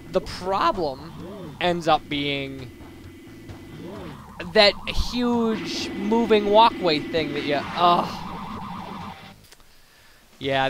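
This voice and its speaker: A young man giving casual, rambling game commentary, self-deprecating and full of fillers, while hiccuping. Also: a little high. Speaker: let's play commentator. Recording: game music playing behind.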